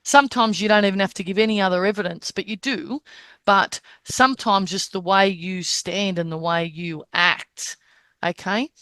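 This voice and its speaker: With a medium-pitched, slightly bright voice that is clear and resonant, a woman medium walks her listeners through recognising spirit communicators. She often pauses to ask "Okay?" and acts out what the spirits say and do; no room sound is audible.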